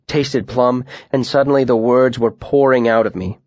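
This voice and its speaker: A man reading a story aloud in a slow, quiet and reflective way. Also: medium pitch, no echo, highs cut off. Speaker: narrator. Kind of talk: audiobook narration.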